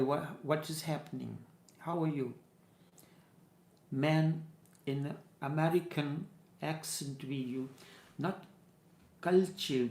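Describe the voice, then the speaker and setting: A man, a spiritual teacher giving a discourse full of stories, speaking in a measured way and repeating phrases for emphasis. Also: a little high, a little mellow. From Trinidad. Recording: roomy echo.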